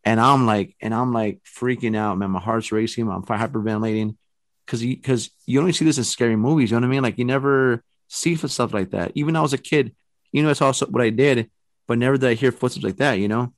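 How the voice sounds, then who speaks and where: A man's voice: medium pitch, fast talker, dry recording. A man casually telling a story from his own paranormal investigation, acting out the sounds and quoting himself. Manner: animated, acts out sounds and quotes himself, swears casually.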